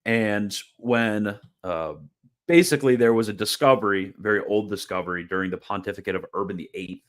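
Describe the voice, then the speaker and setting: A man with a fairly low voice talks through a casual explanatory video lecture. His delivery is chatty and informal. He often doubles back on his words, and a dry, mildly sarcastic streak runs through it. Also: a little fast. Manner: chatty and informal, repeats words and restarts phrases. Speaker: host of a theology video channel.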